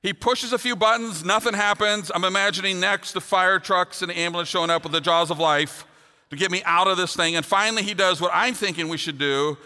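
Middle-aged preacher, bright voice, echoing hall. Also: male voice, sits high, fairly quick. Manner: earnest, builds to humorous storytelling. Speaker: pastor. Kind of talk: sermon with personal story. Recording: long hall reverb.

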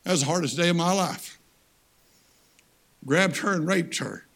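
A man's voice: on the high side, normal speed, gravelly, fairly bright tone. An older man, a missionary and guest preacher, giving a sermon in a plain-spoken, folksy storytelling way with emphatic turns. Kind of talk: sermon with personal stories.

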